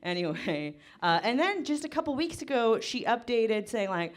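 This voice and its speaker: A woman in her twenties from Kansas doing live stand-up, rambling fast and poking fun at herself on a comedy stage. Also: medium pitch, expressive. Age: 20s. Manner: fast, rambling, self-deprecating.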